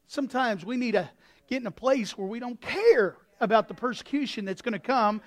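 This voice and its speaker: A male pastor preaching a sermon with a folksy, anecdotal manner, swinging from quiet asides to sudden shouts. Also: high voice, normal speed. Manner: impassioned, breaks into sudden shouts.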